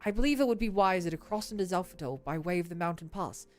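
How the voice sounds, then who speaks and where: A woman's voice: fairly low pitch, expressive, a little mellow, soft background music, pitched below the performer's own voice, natural voice. Alphinaud, a woman voicing a formal young scholar. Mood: resolute. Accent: British (put on). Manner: formal, measured, old-fashioned diction. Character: earnest young male scholar-diplomat.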